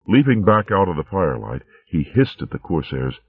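A man narrating a storybook in a steady, measured way. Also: sits low, slightly rough, no room sound. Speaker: audiobook narrator. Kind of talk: scripted narration. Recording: tinny narrow-band recording.

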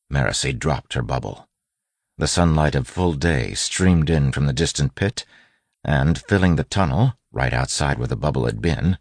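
A man narrating a fiction audiobook in a measured, even storytelling manner. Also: extremely low pitch, husky, no echo.

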